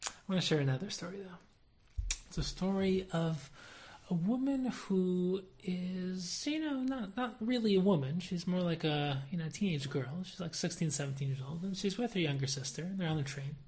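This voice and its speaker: A woman with a deep voice gives a religious lesson, opening with stories. She tells them in an animated way and chuckles at her own jokes. Her talk moves between lively and soft and thoughtful. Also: normal speed. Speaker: Torah teacher. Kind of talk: storytelling lesson.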